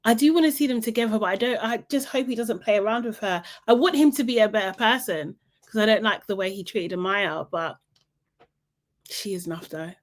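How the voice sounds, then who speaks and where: Young woman dishing on a reality show episode, chatty and animated, tons of "like" and "you know", mid pitch, laid back gossip vibe. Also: a little fast. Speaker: reality TV recap vlogger. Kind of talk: casual gossipy recap.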